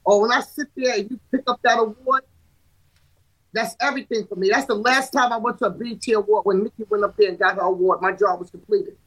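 A woman's voice: medium pitch, steady tone, fast talker, fairly bright tone, rough recording. A middle-aged woman, an artist manager and guest, talking in an emphatic way and repeating herself for stress in a casual podcast studio chat.

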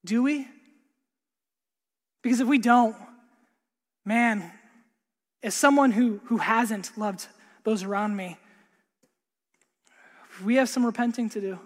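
A man's voice: extremely high pitch, slow, long pauses. Earnest preacher man in a reverberant hall. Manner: earnest, repeats words, drops to a hush for emphasis. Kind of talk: sermon.

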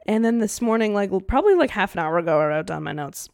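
A woman's voice: mid-range voice, lively intonation, fast talker, gravelly, darkish tone, no echo, studio quality. A woman in her twenties hosting her own podcast in a casual, candid solo chat, with "like" in nearly every phrase. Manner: chatty and candid, heavy use of "like". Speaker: podcast host.

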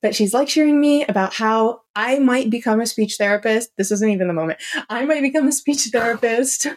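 A young woman co-hosting a podcast, telling a personal story in a casual, animated and emotional way, full of "like" and fillers. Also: a little high, fairly quick. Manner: animated and emotional, heavy use of "like". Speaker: podcast co-host.

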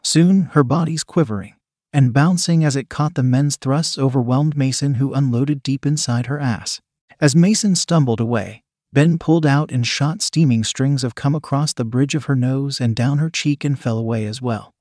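Male narrator, steady read-aloud, mid-pitched, dry close sound. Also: moderate pace, no echo. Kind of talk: scripted narration of an adult story.

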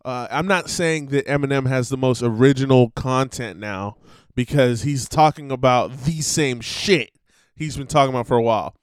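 A man's voice: mid-range voice, moderate pace, clear, resonant tone, no room sound. A man hosting a show, giving rambling casual commentary and laughing between thoughts. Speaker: podcast host.

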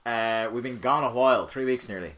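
A man's voice: mid-range voice, a little fast, a bit bright. A man hosting a casual gaming podcast, joking and rambling with frequent restarts. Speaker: podcast host.

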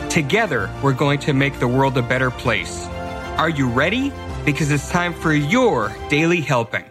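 A man's voice: medium pitch, animated, normal speed. A man hosting a podcast, reading a scripted show intro in an upbeat announcer delivery. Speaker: podcast host. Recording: intro read over clear music.

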